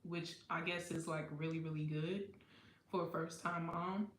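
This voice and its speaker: A woman's voice: lowish voice, fairly even intonation, moderate pace, echoey room, a little hiss or hum. A woman hosting a livestream, telling a personal story in a candid, profane way and laughing often. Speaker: livestream host. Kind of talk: casual storytime chat.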